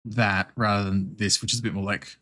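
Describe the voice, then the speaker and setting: A man's voice: lowish voice, flat delivery, brisk, bright, forceful tone. An Australian man chatting casually with viewers while drawing on stream, swearing freely and laughing often. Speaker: art streamer.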